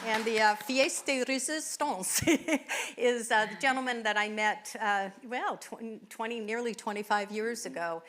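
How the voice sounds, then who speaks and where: A woman with a bright, fairly high voice hosts a live event on a microphone. She introduces guests one after another, offering effusive thanks and filling her pauses with "uh" and "you know.". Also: a little hiss or hum. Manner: warm effusive thanks with fillers. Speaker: event host. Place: winery event venue.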